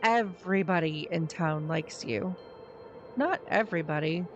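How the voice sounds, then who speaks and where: A woman's voice: fairly low pitch, measured pace, dull audio, faint music behind, pitched below the performer's own voice, close to an everyday voice. A woman streamer reading the lines of a bitter, sarcastic boy from a story game, blunt and slangy. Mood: glum. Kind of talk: game dialogue read aloud.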